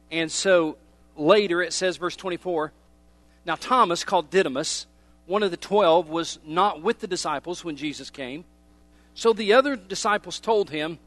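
A middle-aged male pastor delivers a sermon in a fairly high voice. He leans hard on key words, then drops to quiet, slowed lines, and he keeps the congregation close with direct questions. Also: dry recording. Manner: emphatic, swings from loud to hushed.

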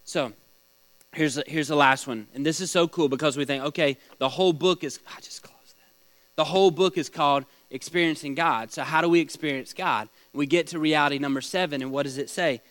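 A man's voice: fairly high pitch, a little fast, a bit bright, no room sound, low-quality recording. A man leading a small-group Bible study, teaching in a conversational way, asking the group questions and telling stories.

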